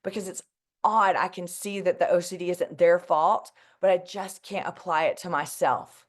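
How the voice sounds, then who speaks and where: A woman's voice: lowish voice, steady tone, moderate pace. A woman, speaking earnestly and emotionally to an audience as a mental health advocate, with many fillers like "like" and "you know.". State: emotional, close to tears. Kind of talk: heartfelt personal talk to an audience.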